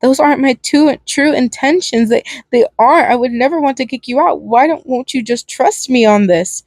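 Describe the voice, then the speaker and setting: A woman's voice: high voice, moderate pace, a little mellow, no echo, clean studio sound. A woman voicing a frightened young partner in a fan fiction reading, stammering and pleading. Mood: anxious, pleading.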